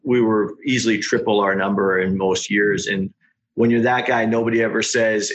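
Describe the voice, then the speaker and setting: A middle-aged man, a startup founder, telling his story in a casual podcast interview with quick, animated delivery. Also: on the low side. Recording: dull lo-fi sound.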